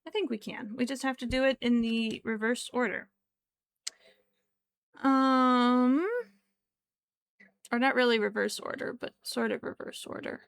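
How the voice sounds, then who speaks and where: A woman chatting casually on a craft livestream, slow and chatty, at times cooing baby talk to her pet. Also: a little high, steady tone, vocal fry, poor audio. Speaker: crochet streamer.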